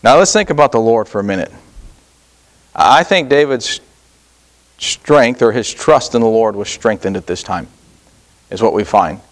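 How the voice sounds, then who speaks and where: A middle-aged man preaching a sermon in an earnest, halting way, repeating words and pausing often. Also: lowish voice, animated. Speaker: pastor.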